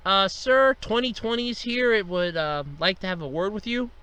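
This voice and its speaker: A man's voice: sits high, moderate pace, pushed and bright, clear, resonant tone, no echo. A man voicing a nervous male assistant who interrupts a meeting hesitantly and apologetically.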